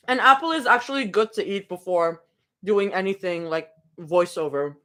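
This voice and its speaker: A woman's voice: mid-range voice, lively intonation, normal speed, a bit bright. A young woman streaming from home, chatting casually and rambling between snacks during a live reading. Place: home room.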